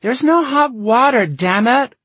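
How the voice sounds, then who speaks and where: A man voicing an exasperated teenage girl who complains in a shrill, high voice. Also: unhurried, a bit bright, no echo.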